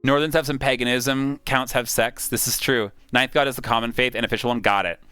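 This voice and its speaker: An excitable male streamer with a bright, forceful voice, thinking aloud as he plays and reads out the story. He talks casually and swears freely, with faint background music. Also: medium pitch, brisk, clear, resonant tone, no room sound. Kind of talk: live-streamed game play with narration.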